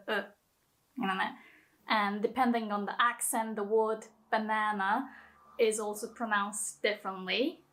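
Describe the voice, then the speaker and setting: A woman's voice: mid-range voice, a bit bright. A woman teaching Japanese pronunciation in a chatty video lesson, explaining with English word examples.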